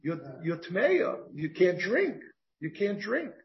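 A man with a fairly high voice leads a Talmud lecture as its rabbi. He reasons out loud, circling back with rhetorical questions. The recording is muffled and lo-fi. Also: very animated, slow. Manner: thinks aloud with repeated rhetorical questions. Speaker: rabbi teaching a Talmud class. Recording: dull lo-fi recording.

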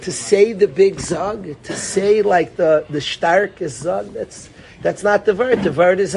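Sex: man. Role: teacher of a religious class. Style: informal Torah class. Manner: conversational, repetitive, calls students by name. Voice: somewhat high for a man, light background noise. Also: a little slow, vocal fry, darkish tone. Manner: conversational, repeats phrases, addresses students by name.

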